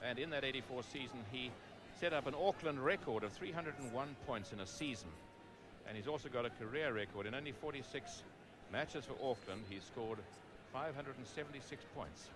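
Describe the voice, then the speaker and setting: A middle-aged man giving live rugby play-by-play commentary, calm for background facts and rising to excited calls at big moments. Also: mid-range voice, fairly quick, noisy background.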